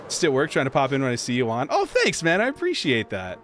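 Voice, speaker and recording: A man hosting a casual game livestream, greeting viewers by name and answering their chat in a relaxed, joking way. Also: mid-range voice, fast, few pauses. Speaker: streamer host. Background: soft jazz music.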